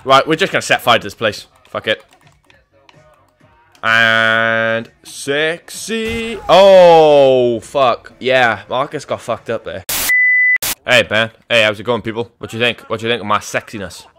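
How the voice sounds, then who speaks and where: Excitable guy doing game commentary. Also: mid-range voice. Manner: excitable and crude, joking and swearing. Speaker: gaming YouTuber.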